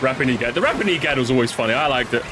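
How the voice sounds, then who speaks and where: A man's voice: mid-range voice, expressive, racing, noisy background. Young guy streaming a kart game, chatty n sweary, voice jumps around a lot, music going behind. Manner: rambling, swears casually, chatty with viewers. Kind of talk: casual gaming commentary.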